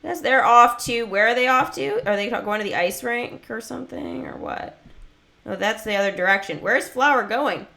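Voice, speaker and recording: Chatty woman gaming streamer, bright sharp voice, talking to chat while she plays. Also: on the high side, lively intonation, normal speed, creaky, slight background noise. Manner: chatty, talks to chat and viewers. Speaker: gaming livestreamer. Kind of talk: casual livestream commentary.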